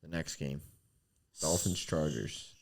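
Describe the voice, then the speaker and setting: A man's voice: very deep voice, slow pace, vocal fry. A man co-hosting a casual sports podcast, laid-back, blunt, and self-mocking. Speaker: podcast co-host.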